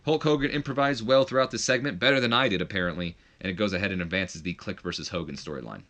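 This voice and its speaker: A man's voice: low-pitched, fast talker, fairly bright tone. A man casually commenting on a wrestling management game, rambling with chuckling asides. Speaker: gaming video host.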